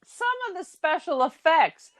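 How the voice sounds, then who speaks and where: A woman's voice: very high-pitched, unhurried, no echo. A woman co-hosting a podcast in casual chat, with wry, sardonic quips. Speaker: podcast co-host.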